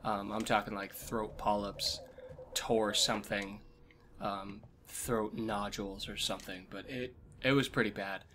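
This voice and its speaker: A man with damaged vocal cords talking quietly and low as he commentates a game he is playing, coughing often. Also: flat delivery, measured pace, slight background noise. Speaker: let's play host. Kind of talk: gameplay commentary. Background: game sounds and music.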